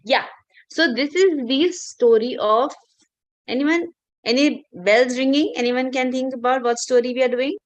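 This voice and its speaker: A woman's voice: sits high, unhurried, dry recording. A woman teacher telling a fable to children on a video call, patient and coaxing. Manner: patient, coaxing, many fillers. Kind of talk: online class storytelling for children.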